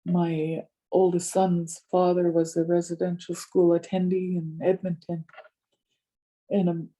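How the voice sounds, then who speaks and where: An older woman speaking as a community elder, recounting a story and acting out both sides of each conversation. Her voice is very mellow and dark, with a husky edge. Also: lowish voice, a little slow. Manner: animated retelling with many quoted exchanges. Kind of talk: storytelling talk.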